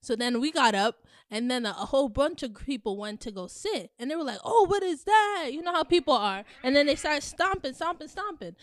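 Bright-pitched young woman, dry close sound. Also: lively intonation, brisk, hardly any pauses, no echo. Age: young adult. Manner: chatty, acts out her own reactions. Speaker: resident assistant. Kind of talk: casual podcast chat, storytelling.

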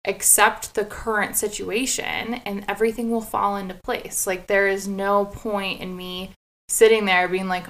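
A woman's voice: medium pitch, level tone, moderate pace, fairly bright tone, rough recording. A woman co-hosting a podcast, talking things over reflectively in a casual chat, with lots of "like.". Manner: reflective, heavy use of "like". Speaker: podcast co-host.

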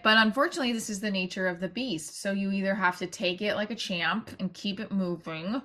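A woman's voice: medium pitch, a bit bright. A woman talks on her own podcast in a loose, conversational monologue. She jumps between thoughts, restarts her sentences and adds side remarks as she goes. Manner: chatty and rambling, with many restarts and asides. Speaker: podcast host and actor-comedian.

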